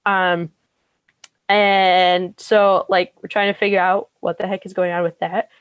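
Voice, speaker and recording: A young woman co-hosting a podcast, chatting casually and filling pauses with ums and likes. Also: fairly low pitch, flat delivery, clean tone, no echo, highs cut off. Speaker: podcast co-host. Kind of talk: casual chat.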